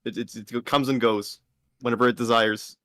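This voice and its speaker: A man's voice: mid-range voice, steady tone, moderate pace, a bit bright, no room sound, studio quality. Easygoing man, faint New York accent. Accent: New York, wavering. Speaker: game developer guest. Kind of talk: casual podcast chat.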